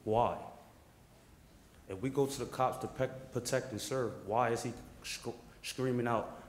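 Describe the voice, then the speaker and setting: A man's voice: mid-range voice, steady tone, normal speed. Insistent man demanding answers, echoey chamber. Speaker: family member speaking at public comment. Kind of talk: public statement at a council meeting. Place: large council chamber. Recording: echoey chamber with long reverb, faint noise.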